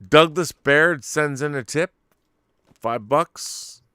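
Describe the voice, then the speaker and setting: A man's voice: a little high, takes it slowly, sharp tone, clear, resonant tone, no echo, studio quality. A man hosting a casual live-streamed show, reading out viewer tips and getting flustered by his co-host's jokes. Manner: flustered, exclaiming, stammering restarts. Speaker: podcast host.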